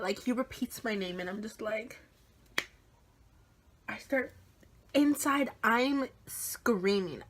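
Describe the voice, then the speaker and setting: An eighteen-year-old woman vlogging a casual story, animated and full of swearing, often dropping into whispers. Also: medium pitch.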